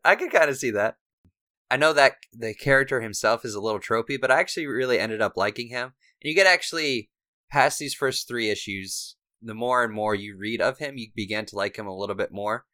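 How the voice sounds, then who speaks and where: A man's voice: medium pitch, fairly quick, pushed and bright, no echo, clean studio sound. A man co-hosting a podcast in casual chat, laid-back with frequent fillers. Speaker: podcast co-host and editor.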